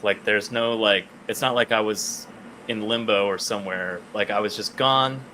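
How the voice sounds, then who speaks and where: Excited man gushing over a comic. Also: fairly low pitch, moderate pace, slight background noise. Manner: excited, swears often, reads quotes aloud. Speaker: podcast co-host. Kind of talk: casual comic book discussion.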